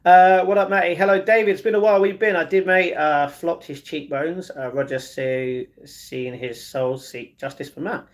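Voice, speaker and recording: A man hosting a casual livestream, reading viewer comments aloud and answering them in an easygoing way, often stumbling and restarting his sentences. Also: on the high side. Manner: chatty and easygoing, with halting restarts. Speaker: livestream host.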